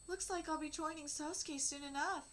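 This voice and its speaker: Woman, 30s, manga reaction host, reading dialogue aloud, high pitched, emotional and candid. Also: normal speed. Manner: emotional and candid, reads dialogue flatly between outbursts.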